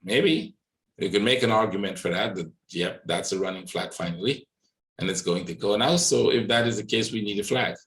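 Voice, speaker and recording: A man with a low voice talks through market charts as a webinar host. He reasons out loud and keeps tagging "right?" onto his points. The sound carries a noticeable room echo. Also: brisk. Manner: thinks aloud, many "right?" tag questions. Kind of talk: live market analysis walkthrough.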